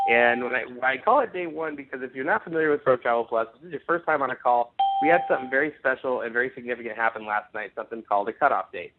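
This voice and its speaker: Man, enthusiastic sales pitch, conference call host, tinny phone line, mid-pitched voice. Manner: upbeat, emphatic salesman pitch with restarts. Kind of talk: network marketing pitch call.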